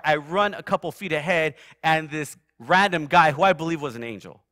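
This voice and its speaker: Brief: male preacher, slightly high, dry close sound, vivid testimony storytelling with loud swells and hushed drops. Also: fairly quick, no room sound. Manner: vivid storyteller, surging loud then dropping soft. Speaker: guest preacher. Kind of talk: sermon with personal testimony. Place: church sanctuary.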